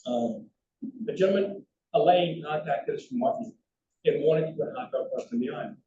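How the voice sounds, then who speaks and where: A man's voice: on the high side, brisk, noisy background. An older man, telling anecdotes in a lecture with slides and often restarting his sentences. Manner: animated anecdotal storytelling with frequent restarts. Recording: roomy, distant, dull hall recording.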